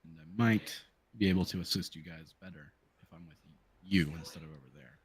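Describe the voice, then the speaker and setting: A man voicing a calm, matter-of-fact male white wolf in a tabletop game. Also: low-pitched, brisk, slightly rough, no echo.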